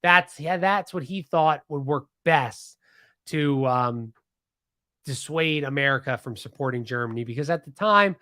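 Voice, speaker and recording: A man's voice: fairly high pitch, a bit bright, no room sound, clean studio sound. A man from Pennsylvania hosting a podcast, telling a history story casually and animatedly, with many restarts and asides. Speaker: podcast host.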